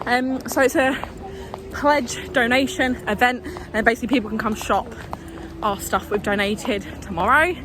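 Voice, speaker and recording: A woman's voice: fairly high pitch, normal speed, background noise. Bubbly young woman vlogging. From England (Essex). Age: 20s. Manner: bubbly, chatty, laughs often. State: out of breath. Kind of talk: casual vlog chat. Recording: crowd chatter behind.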